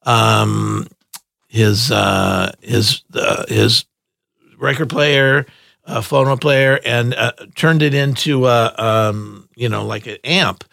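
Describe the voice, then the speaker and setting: A man's voice: medium pitch, steady tone, slow, vocal fry, fairly bright tone, no echo, studio quality. An older man, a guest on a podcast, chatting casually and telling rambling stories with frequent laughs and acted-out quotes. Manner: rambling storyteller, laughs often, acts out quotes. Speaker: guest musician. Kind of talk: casual interview chat.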